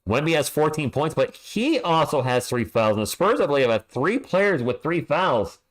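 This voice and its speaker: Excitable man doing fan play-by-play. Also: on the high side, moderate pace. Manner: excitable, talks to chat, yells at the team. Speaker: play-by-play streamer. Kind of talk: live fan play-by-play commentary. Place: alone at home.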